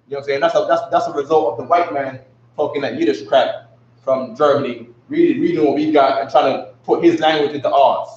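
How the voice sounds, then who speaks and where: His pitch is fairly high and his tone darkish as he runs a class in a relaxed, slangy manner, often asking whether people follow him with "you know what I'm saying." A distant mic in an echoey room yields dull, lo-fi audio with a bit of hiss or hum.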